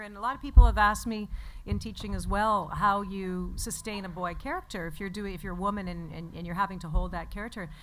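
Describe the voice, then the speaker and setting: A woman's voice: mid-range voice, fairly bright tone, slight background noise. A woman voice actor on a convention panel, explaining her craft in a teacherly way.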